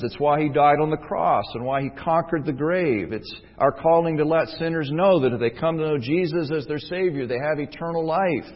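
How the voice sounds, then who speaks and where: A male pastor delivers a sermon in a fairly high voice, earnest and pressing his listeners with rhetorical questions. The sound is muffled and dull, carrying a long reverb from a church sanctuary.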